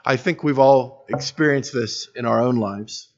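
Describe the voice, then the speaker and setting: A man's voice: on the low side, steady tone, moderate pace, few pauses. A man preaching a sermon as pastor, earnest and building to emphatic peaks, with wry self-deprecating humor. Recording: dull lo-fi recording.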